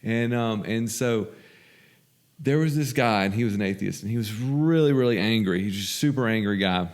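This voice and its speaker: A man, a podcast guest, telling animated, profane anecdotes in casual conversation. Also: on the low side, normal speed. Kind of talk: casual storytelling.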